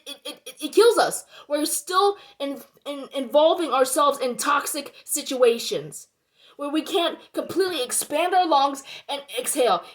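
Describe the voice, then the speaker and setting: A woman ranting to camera in a heated, rambling way, dropping quiet and then growing loud and worked up. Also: high voice. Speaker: vlogger. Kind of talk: heated personal rant to camera.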